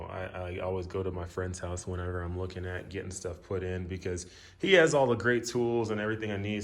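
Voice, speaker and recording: A man talking casually through a car repair, rambling and easygoing, with lots of fillers and restarts. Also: sits low. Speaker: car vlogger. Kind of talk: casual chat.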